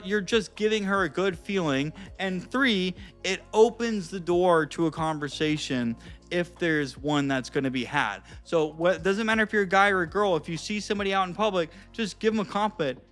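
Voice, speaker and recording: Energetic bro-ish man with a high voice. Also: normal speed, faint music behind. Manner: energetic, profane, bro-ish, acts out little dialogues. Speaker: vlogger and social skills coach. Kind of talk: casual vlog talk to camera.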